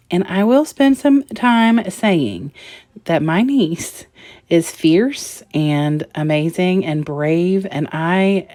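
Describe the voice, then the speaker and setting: A woman with a low, mellow voice talks through her scrapbook layout in a relaxed, rambling way, filling pauses with ums and likes. Her voice sits close and dry, with no room sound around it. She speaks as the friendly host of her own crafting channel. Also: no echo. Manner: chatty, rambling with many fillers. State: getting teary near the end. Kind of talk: casual crafting vlog narration.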